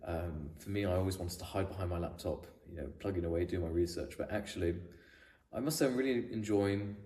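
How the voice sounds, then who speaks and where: A man's voice: low voice, brisk, mellow. A man talking to camera as a coach, rambling with many repeated words and restarts. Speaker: fitness business coach. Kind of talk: talking to camera, advice video. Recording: echoey room, voice from a distance.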